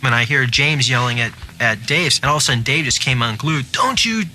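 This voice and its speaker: A man telling an anecdote in an interview, animated, acting out what people said. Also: medium pitch, brisk. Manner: animated storyteller, acts out quotes. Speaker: musician.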